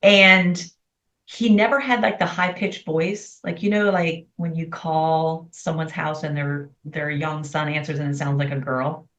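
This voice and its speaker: A middle-aged woman telling stories in a candid interview, chatty and expressive. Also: low-pitched, unhurried. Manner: chatty, expressive, quotes herself in lively voices. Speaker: guest. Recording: far from mic in an echoey room, dull sound.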